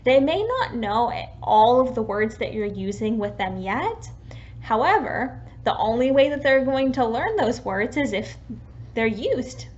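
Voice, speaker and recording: A woman giving patient, clear tips in an instructional video on talking with young children. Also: on the high side, a little slow, highs cut off. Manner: patient, clear explaining with lively sample phrases. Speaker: early childhood educator.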